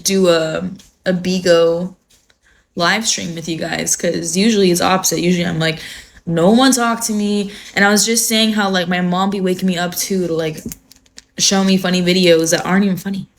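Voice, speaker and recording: A woman's voice: lowish voice, steady tone, fairly quick. A young woman from California who just woke up, chatting casually on a phone livestream, rambling with lots of fillers and swearing freely. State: just woken up. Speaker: livestream host. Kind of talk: casual morning livestream chat.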